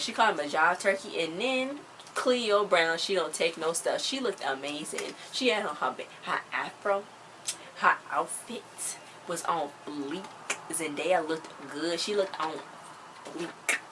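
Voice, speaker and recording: A woman's voice: on the low side, a little slow, noisy background. A woman casually recapping a TV episode, chatting and retelling scenes with lots of "like" and "you know.". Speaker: TV episode reviewer.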